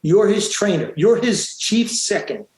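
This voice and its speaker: Man, boxing referee guest, high voice, emphatic storyteller, echoey room. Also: big pitch swings, unhurried. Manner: emphatic, acts out quotes, frequent restarts. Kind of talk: animated storytelling in an interview.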